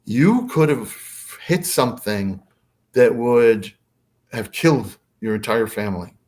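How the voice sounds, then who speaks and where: A man voicing a tall gray alien who explains a warning in a measured way. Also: medium pitch, a little mellow, natural voice. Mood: stern calm.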